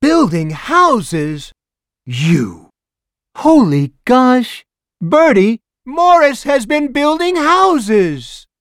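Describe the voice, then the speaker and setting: A man doing a shrill, gushing nosy old neighbor woman. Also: sing-song, dry recording, studio quality. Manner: shrill, gushing, drawn-out exclamations. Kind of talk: audiobook character voice.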